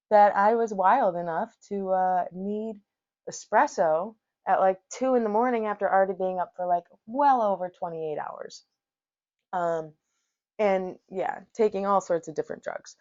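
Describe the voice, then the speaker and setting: A woman in her thirties, a podcast host telling a story in a chatty, animated way, full of "like" and laughs. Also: medium pitch, unhurried, highs cut off. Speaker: podcast host, yoga teacher. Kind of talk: casual storytelling.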